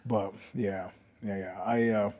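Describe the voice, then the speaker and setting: A middle-aged man, a podcast guest, telling stories in a husky voice, swinging from loud bursts to hushed asides. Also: lowish voice, steady tone, slow pace. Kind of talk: storytelling in casual conversation. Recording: long reverb.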